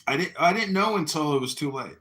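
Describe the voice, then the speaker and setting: An American man telling a story in a casual chat, animated, acting out shouted voices. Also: fairly high pitch, fast talker. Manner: animated, acts out yelling voices in stories. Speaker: podcast host.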